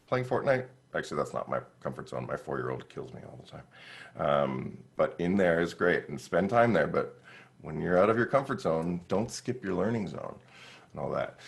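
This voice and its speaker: A middle-aged man, a horn player and teacher, answering questions in a relaxed way and acting out his own thoughts with frequent laughs. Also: deep voice, vocal fry. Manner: animated, acts out quoted thoughts, laughs often.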